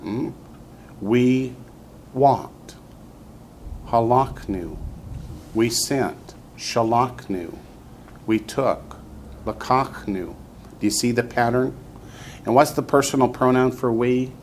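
A man's voice: mid-range voice, slow pace, pauses often, slight background noise. A man teaching a classroom lesson, patiently drilling students and repeating each word for them to copy. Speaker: Hebrew teacher. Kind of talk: classroom instruction.

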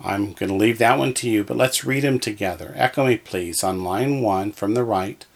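A Hebrew teacher with a lowish, creaky voice leads a slow, deliberate language lesson at a moderate pace. He patiently says each word twice so listeners can repeat after him.

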